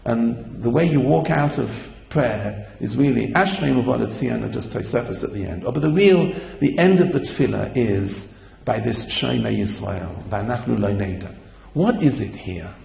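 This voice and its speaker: A man's voice: medium pitch, animated, moderate pace, creaky, roomy sound, big-room sound, muffled recording. A man giving a Torah lecture as a sermon, asking repeated rhetorical questions and chanting verses. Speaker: rabbi giving a Torah class.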